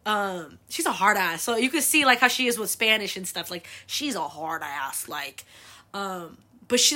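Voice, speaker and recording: Bright-voiced young woman telling stories. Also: mid-range voice. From United States. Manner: chatty, swears freely, lots of fillers. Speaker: host. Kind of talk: casual storytelling monologue.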